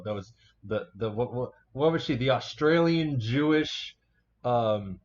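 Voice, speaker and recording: A man's voice: medium pitch, expressive, a little slow. A man hosting a casual podcast chat, rambling and swearing freely with lots of fillers. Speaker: podcast host. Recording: muffled lo-fi home recording.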